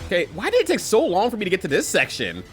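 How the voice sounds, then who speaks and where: Lively, laughing man streaming a game. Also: high voice, fast talker, faint music behind. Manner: chatty, laughs often, talks to chat while playing. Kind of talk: casual gameplay commentary.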